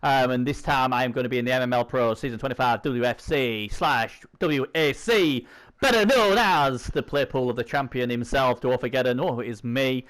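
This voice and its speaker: A man's voice: mid-range voice, fairly quick, a bit bright. A man hosting a casual gaming preview chat, his voice strained by a sore throat, rambling with lots of fillers. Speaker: host.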